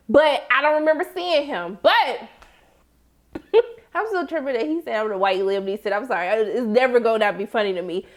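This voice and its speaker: Woman recap host, high lively voice, playful. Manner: animated, laughing, quotes characters in voices. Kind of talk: casual episode recap.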